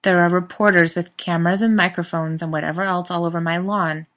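A woman's voice: fairly low pitch, steady tone, fairly quick, fairly bright tone, close to an everyday voice. A woman voicing an anxious male professor who speaks hesitantly and pleads in a read-aloud story.

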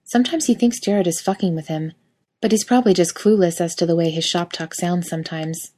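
Brief: female reader, slightly low pitch, wry lively storytelling. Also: fairly quick. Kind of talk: reading fan fiction aloud.

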